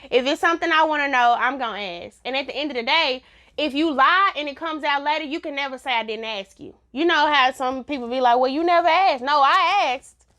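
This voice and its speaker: A woman's voice: high voice, fairly quick, bright, forceful tone. A woman giving a casual, blunt TV review in a vlog, laughing often. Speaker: TV show reviewer.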